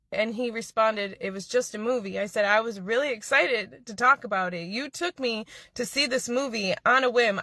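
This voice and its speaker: A woman's voice: fairly high pitch, sharp tone, no echo, studio quality. A woman earnestly recounting a personal story to the camera.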